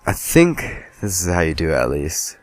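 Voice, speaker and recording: A man's voice: sits low, wildly swooping pitch, moderate pace, soft background music. A man casually commenting on a game as he plays, rambling and joking at himself. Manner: rambling, joking, self-deprecating. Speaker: let's play host.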